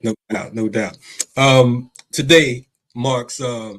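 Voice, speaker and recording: A man hosting an interview, relaxed and chiming in with quick affirmations. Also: mid-range voice. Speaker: host. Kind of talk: casual interview.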